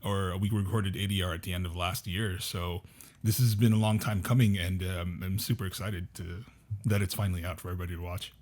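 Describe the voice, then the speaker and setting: A man's voice: low voice, fairly even intonation, brisk, a little mellow. A man, an actor and panelist, chatting casually and telling stories with frequent laughter. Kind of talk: casual chat.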